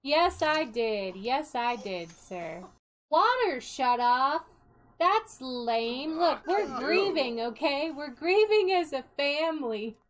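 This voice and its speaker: A young woman casually commenting on a life-sim game she plays, chatty and quick to laugh. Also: high voice, expressive, a little hiss or hum, rough recording. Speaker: gaming video host.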